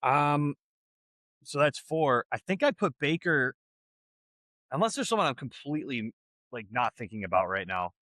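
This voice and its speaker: A man's voice: mid-range voice, animated, moderate pace, long pauses, bright, forceful tone, no room sound. A young man co-hosting a podcast, teasing his friend in easy casual banter. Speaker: podcast co-host. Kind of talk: casual chat.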